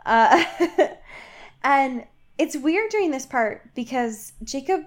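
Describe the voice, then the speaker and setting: A woman co-hosting a casual chat podcast, retelling a book with laughter and quick voices for the characters. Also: high-pitched, expressive. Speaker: podcast co-host recapping a book.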